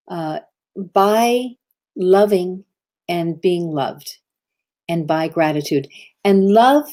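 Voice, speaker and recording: A woman's voice: medium pitch, mellow. A middle-aged woman giving a casual motivational talk, earnest and meandering as she tells stories. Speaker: speaker on love and self-expression.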